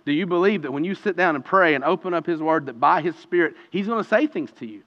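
A man preaching a conversational sermon as pastor, earnest and emphatic, moving between hushed and loud delivery. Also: fairly high pitch, animated, fast. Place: church sanctuary. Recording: reverberant hall, dull lo-fi sound.

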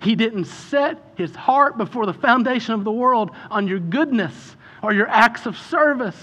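A man preaching a sermon as pastor, building to passionate shouts and easing into a quiet prayer. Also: very high voice, expressive, a little slow, hardly any pauses, lo-fi sound. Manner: impassioned, builds to shouting then softens into prayer.

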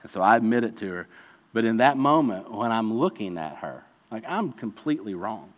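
A man's voice: fairly low pitch, very animated, brisk. A man preaching a sermon as a pastor, telling a personal story and building to impassioned preaching. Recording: reverberant hall, dull lo-fi sound.

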